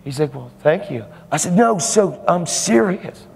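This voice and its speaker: A man's voice: high-pitched, expressive, measured pace, creaky, long reverb tail, noisy background. A man preaching a fervent, emphatic sermon, laughing now and then between points.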